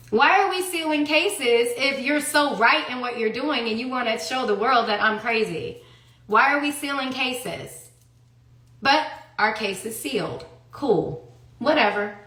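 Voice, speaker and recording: A woman in her thirties pours out her side of the story in a fiery, profane rant. She throws out one sharp rhetorical question after another. Her bright, slightly high voice rings around an echoey room. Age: 30s. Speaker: livestreamer telling her story. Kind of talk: heated personal monologue. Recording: roomy echo.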